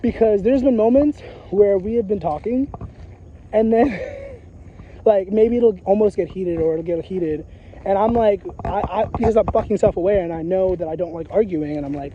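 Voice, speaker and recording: A man's voice: high-pitched, moderate pace, highs cut off, a little hiss or hum. A man talking in a casual, rambling monologue, emphatic and profane, circling back with repeated filler phrases. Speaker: psychic vlogger. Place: outdoors in a graveyard.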